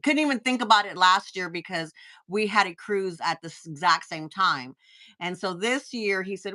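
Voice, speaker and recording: A woman's voice: mid-range voice, lively intonation, normal speed, sharp tone. A woman with a Texan accent hosting a casual live-stream chat, talking in chatty bursts with frequent restarts and reading viewer comments aloud. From Texas. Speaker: host.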